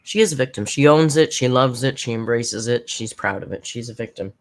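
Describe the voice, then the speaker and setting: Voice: mid-range voice, animated, a little fast. A commentary channel host recapping a livestream in a chatty, sarcastic tone, with mocking asides.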